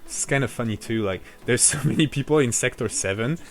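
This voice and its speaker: A man streaming a video game, chatting casually and joking with his viewers in an excitable, bantering way. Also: medium pitch, fairly quick, gravelly. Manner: excitable, jokey banter with chat.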